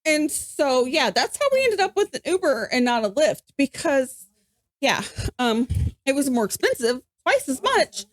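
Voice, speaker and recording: A woman, co-hosting a podcast and telling a story in casual chat, animated and acting out what people said. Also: high voice, unhurried, no room sound. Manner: animated, acts out quoted voices. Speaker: podcast co-host.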